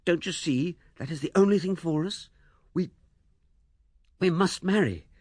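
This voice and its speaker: A man's voice: on the high side, measured pace, a little mellow, no room sound, studio quality, voice pushed up. A man reading a novel aloud and voicing an earnest young man who presses his case with insistent urgency. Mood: urgent. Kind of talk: audiobook character voice.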